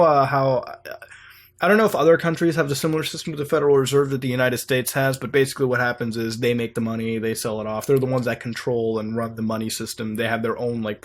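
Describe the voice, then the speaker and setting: A man hosting casual, rambling commentary while browsing websites, swearing freely. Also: medium pitch. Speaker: host.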